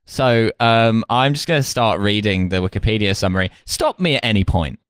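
A man's voice: fairly low pitch, lively intonation, moderate pace, clean tone, no room sound. A man co-hosting a podcast, with dry, sardonic comedic chat about a film, reading from a summary now and then. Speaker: podcast co-host.

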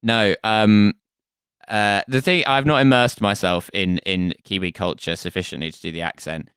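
A man's voice: lowish voice, fairly even intonation, normal speed, fairly bright tone, clear, resonant tone, no room sound, studio quality. A man co-hosting a comedy podcast, chatting casually and rambling into jokes and silly voices. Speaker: podcast co-host.

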